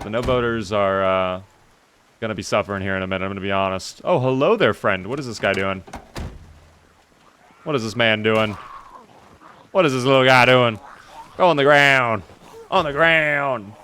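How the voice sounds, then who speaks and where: With a medium-pitched, fairly bright voice, the streamer offers casual commentary on his game, greeting chatters by name and joking in a mock-formal style despite a sore in his mouth. A little hiss or hum sits under the audio.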